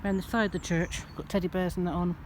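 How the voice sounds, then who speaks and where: A woman vlogging a casual walk through a quiet churchyard outdoors. She coos to her cats in a high, sing-song voice. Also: level tone, fast, a little hiss or hum. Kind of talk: casual walking vlog.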